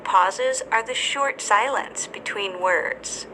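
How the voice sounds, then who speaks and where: A woman teacher narrating a scripted English lesson, speaking slowly and deliberately with careful enunciation. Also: medium pitch, background noise.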